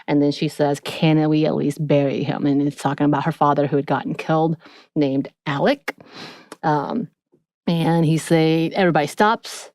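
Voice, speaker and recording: A woman co-hosting a podcast, casually recapping a TV episode in a chatty, animated way. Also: low voice, normal speed, dry recording. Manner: chatty, animated retelling with acted-out quotes. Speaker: podcast co-host.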